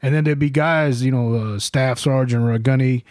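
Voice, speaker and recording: A man's voice: mid-range voice, fairly even intonation, fairly quick, a little mellow, no room sound, studio quality. A man, a military veteran guest on a podcast, telling his stories in a blunt, profane and emphatic way. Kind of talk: casual podcast chat. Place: studio.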